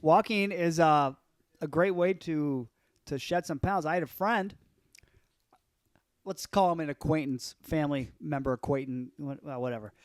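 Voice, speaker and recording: A man's voice: fairly high pitch, moderate pace, no room sound. A man co-hosting a podcast, telling loose, rambling stories with profanity and a slight cough. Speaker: podcast co-host. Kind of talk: casual chat.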